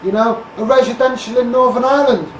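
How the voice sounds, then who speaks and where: Scouse fella going off on a political rant, fairly high voice, kinda far from the mic, echoey. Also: male voice, fairly even intonation, fast, a little hiss or hum. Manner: blunt, repetitive, calls people out by name and asks "mate". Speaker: street campaigner. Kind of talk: ranting political monologue. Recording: roomy sound from a distance.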